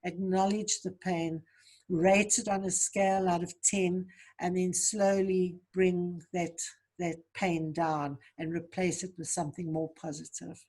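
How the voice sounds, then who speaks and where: A woman's voice: fairly low pitch, flat delivery, unhurried, a little mellow. A woman guest in an interview, speaking earnestly and reflectively about healing and giving advice. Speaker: guest, trauma survivor coach. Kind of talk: interview answers, personal story.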